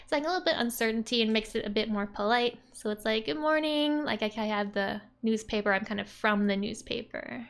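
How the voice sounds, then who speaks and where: Gravelly-voiced woman teaching casually. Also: fairly high pitch, fairly even intonation, a little fast, hardly any pauses. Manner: chatty, says "like" often, laughs softly between points. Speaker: Japanese language teacher. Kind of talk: casual explanatory lesson.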